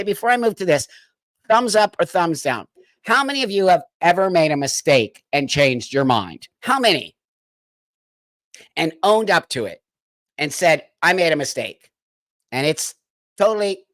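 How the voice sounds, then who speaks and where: A man's voice: a little high, a bit bright. Guy ranting on his live stream, gets real heated, talks right at the viewers, dry sound no room echo. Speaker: livestream host. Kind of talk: live-stream political commentary.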